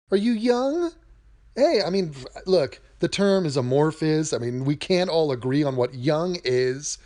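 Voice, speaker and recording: A man's voice: fairly high pitch, a little mellow. A man giving reaction commentary, sarcastic and mocking, often repeating himself.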